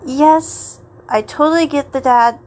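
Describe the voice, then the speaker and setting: A chatty woman hosts a podcast with a fairly high voice. She recaps an episode in a rambling, casual way, laughing between phrases. A faint hum sits under her voice. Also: unhurried, darkish tone, low-quality recording. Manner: chatty and rambling, often laughs mid-sentence. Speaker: podcast host.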